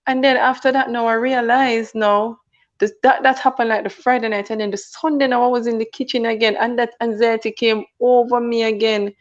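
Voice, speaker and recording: An earnest woman tells her personal story as a guest on a talk radio program. She often circles back and repeats phrases, and her pitch stays fairly level. The recording sounds muffled and lo-fi. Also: steady tone, fairly quick. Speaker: guest sharing a testimony.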